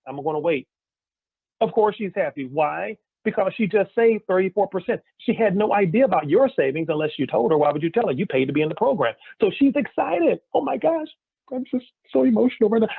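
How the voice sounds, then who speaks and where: A man giving an energetic sales pitch, firing off rhetorical questions to his listeners. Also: dry recording. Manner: energetic, rhetorical questions, keeps saying "guys". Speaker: business opportunity presenter. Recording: tinny phone-like dry recording.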